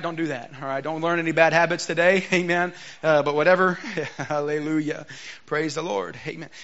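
A male guest preacher giving a lively Pentecostal sermon in a church, joking and calling for the congregation's response, in a dull lo-fi recording. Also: fairly high pitch. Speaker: guest preacher, Bible college teacher.

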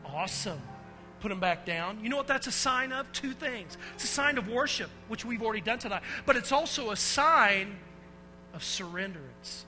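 Bright, high-voiced man leading a children's sermon. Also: moderate pace. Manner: animated storyteller, swings from hushed to shouting. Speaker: children's pastor. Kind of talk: lively children's sermon with call-and-response. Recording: long hall reverb with faint music.

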